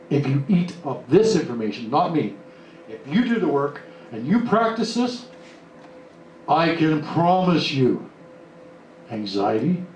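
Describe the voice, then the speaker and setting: A man giving a live motivational talk to an audience, blunt and animated, acting out the lines he quotes. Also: medium pitch. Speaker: motivational speaker. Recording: echoey room, mic at a distance, faint noise.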